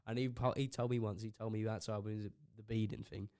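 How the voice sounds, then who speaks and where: Young bloke co-hosting a chat podcast: rambles through work gossip, swears freely, plays out both sides of conversations. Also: male voice, on the low side, fairly even intonation, fast talker, mellow, dry recording, studio quality. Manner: rambling anecdotes, swearing, acting out others' lines. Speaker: podcast co-host. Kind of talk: casual chat.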